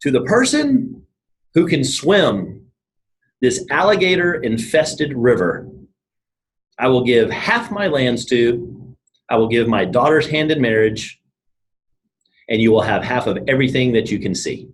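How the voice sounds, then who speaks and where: A man doing a booming, grand king. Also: very animated, rough recording. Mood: proclaiming. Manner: booming, drawn-out proclamations. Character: grand boastful old king.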